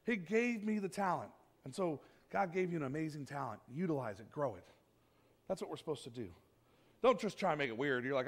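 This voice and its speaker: Guy pastor preaching in church, pretty high voice, chatty and lively, acts out little quotes. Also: fast. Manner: conversational, animated preaching with acted-out quotes. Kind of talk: sermon.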